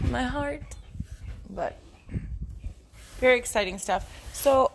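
A woman's voice: mid-range voice, normal speed, noisy background. Giggly, foul-mouthed woman podcast host. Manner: profane, giggly, frank and joking. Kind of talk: casual solo podcast monologue.

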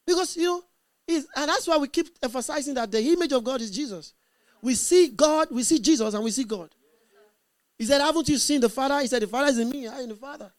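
A man preaches with a high-pitched voice, repeating lines for emphasis. He moves from loud, fervent calls down to soft, quiet asides. The sound is dry and close, with no room echo. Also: quick pace. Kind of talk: sermon.

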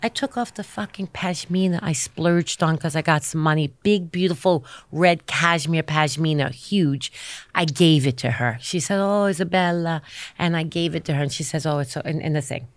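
Rambling, lower-voiced woman telling stories. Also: moderate pace, no room sound. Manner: rambling storyteller with many fillers and restarts; animated, acts out quoted voices. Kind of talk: casual chat.

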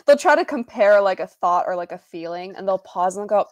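A woman's voice: medium pitch, animated, moderate pace, no echo. A woman in a casual podcast chat, laughing and mocking with her co-host.

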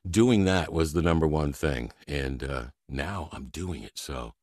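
Very deep-voiced male voice actor. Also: measured pace, dry recording, studio quality. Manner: animated storyteller, laughs often. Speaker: voice actor guest. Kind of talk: casual interview chat.

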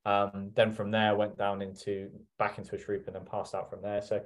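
A man's voice: fairly low pitch, completely flat delivery, moderate pace. A man telling stories as a podcast guest in casual interview chat, swearing heavily and acting out his own past remarks.

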